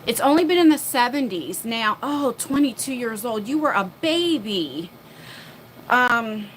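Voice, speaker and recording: A woman's voice: on the high side, a bit bright, slight background noise, low-quality recording. A woman hosting a casual live chat from home, talking to her viewers and her dog while out of breath. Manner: chatty, talks to viewers and her dog while rushing around. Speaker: livestream host. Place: home, moving between floors.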